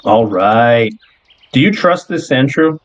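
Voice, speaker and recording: A man's voice: medium pitch, slow. A man runs a tabletop game, narrating the scene in a loose, easygoing way. His voice sits in a middle register and comes through a dull, lo-fi recording. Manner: relaxed storytelling with fillers. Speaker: game master.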